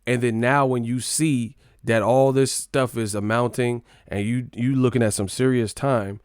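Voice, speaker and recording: A man's voice: mid-range voice, fairly even intonation, unhurried, clean tone, no echo, studio quality. A young man hosting a live stream, talking loose and slangy, joking and answering his chat. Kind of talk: casual live stream commentary.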